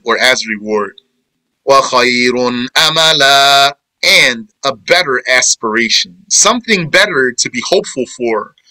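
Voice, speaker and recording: A man teaching a verse-by-verse Quran commentary, reciting Arabic verses briskly and then explaining them slowly in English, repeating phrases. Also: mid-range voice, bright, forceful tone, no room sound, poor audio. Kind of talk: verse-by-verse tafsir lesson.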